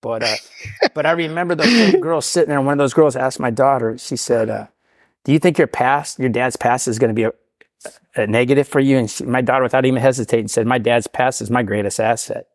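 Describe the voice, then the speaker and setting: A middle-aged man tells a personal story at a quick clip and puts on the voices of the people in it. The recording is dry and close, with no room sound. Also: mid-range voice, no echo. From Portland, Oregon area. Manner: animated storyteller, acts out quoted voices. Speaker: guest sharing recovery story. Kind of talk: casual storytelling.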